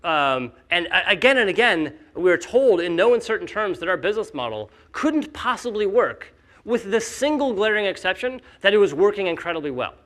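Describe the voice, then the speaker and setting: A man speaking casually at a conference, animated and full of fillers, acting out the skeptics he quotes. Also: high voice, a little fast. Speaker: company founder speaking at a conference.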